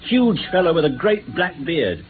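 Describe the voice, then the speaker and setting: An earnest, slightly frustrated police inspector in a radio drama. He lays out facts plainly, with a lively pitch. The sound is thin and phone-like with a faint hiss. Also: moderate pace. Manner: plain, matter-of-fact reporting.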